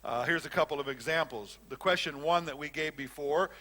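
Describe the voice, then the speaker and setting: Bright-voiced older man teaching a class. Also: fairly high pitch, a little fast. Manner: conversational, repeats words and restarts, fillers. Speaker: Bible teacher. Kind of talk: classroom lecture on counseling.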